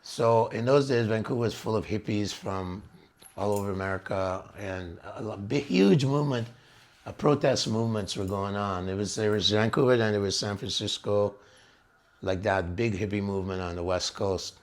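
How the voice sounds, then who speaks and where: A man's voice: on the low side, moderate pace. An older man telling stories from his youth in a rambling, casual way, often laughing and acting out what others said. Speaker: devotional speaker recounting memories. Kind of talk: casual storytelling talk.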